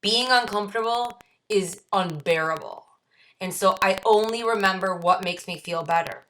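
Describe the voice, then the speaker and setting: A woman with a Midwestern American accent guides a book study with a bright, clear voice. She reads short passages aloud, then explains them in her own words. Key phrases get repeated slowly for weight. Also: mid-range voice, low-quality recording. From United States. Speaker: study group leader. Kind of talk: reading and explaining a recovery text.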